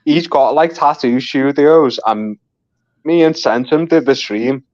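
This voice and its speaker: A man's voice: medium pitch, unhurried, a little mellow, no room sound. A chatty man swapping stories on a live stream, cursing and laughing as he goes. His voice sits in a middle range, with a dry, close sound and dull, lo-fi audio. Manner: chatty, swears and laughs often. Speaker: guest on a live stream chat. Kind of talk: casual chat.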